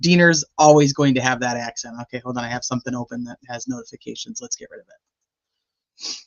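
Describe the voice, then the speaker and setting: A woman's voice: extremely low pitch, fairly quick. Woman, live-stream host, rambling casual chat, greets viewers, muffled lo-fi audio. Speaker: livestream host.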